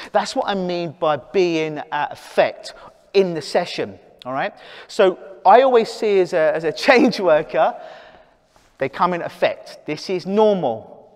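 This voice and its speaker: Man, hypnotist, live talk, fairly high voice, long hall reverb. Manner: blunt, animated, laughs at own points. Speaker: clinical hypnotist.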